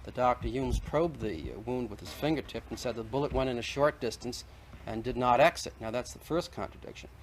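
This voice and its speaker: A man's voice: mid-range voice, a little fast, slight background noise. A man debating on an archival 1960s TV broadcast, pressing his case point by point with persistence. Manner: persistent, argumentative, lays out evidence point by point. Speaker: debate guest. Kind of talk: televised debate.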